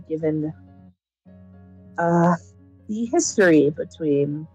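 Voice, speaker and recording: A woman's voice: fairly low pitch, warm tone, low-quality recording. A woman role-playing in a tabletop game, speaking in polite, genteel phrases as her character and casually narrating the character's actions.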